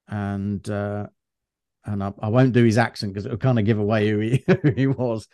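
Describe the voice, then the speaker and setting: Mellow low-voiced man, chatty. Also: normal speed, no room sound. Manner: chatty, animated anecdotes with restarts. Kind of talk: casual conversational storytelling.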